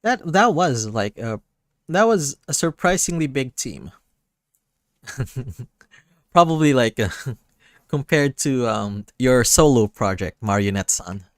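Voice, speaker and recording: A man's voice: medium pitch, expressive, takes it slowly, long pauses, no echo. A man hosting a late-night storytime stream, chatting in an easygoing, self-deprecating way. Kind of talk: casual livestream chat.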